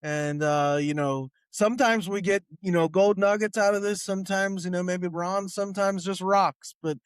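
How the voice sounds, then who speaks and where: A male comedian hosts a podcast, chatting in an upbeat, filler-heavy way. His voice is high and smooth. It is recorded dry and close to the mic. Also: fairly even intonation, moderate pace, dry recording. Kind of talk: casual podcast hosting.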